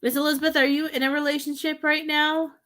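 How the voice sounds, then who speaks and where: Woman, psychic medium, somewhat high voice, halting and rambling live reading. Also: little pitch movement, sharp tone. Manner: halting, rambling with many restarts.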